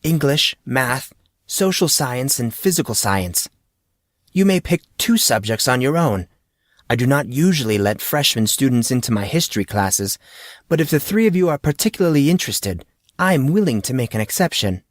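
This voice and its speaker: A man's voice: medium pitch, very animated, moderate pace, dry recording, clean studio sound, pitched above the performer's own voice, natural voice. A man reading audiobook dialogue as a formal, courteous male history teacher who speaks precisely and is amused. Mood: explaining.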